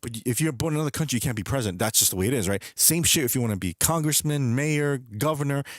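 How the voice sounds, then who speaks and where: A man's voice: medium pitch, expressive, fast, no echo, clean studio sound. Young man ranting on a stream. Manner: heated, profane ranting with frequent restarts. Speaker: livestreamer. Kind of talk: casual chat.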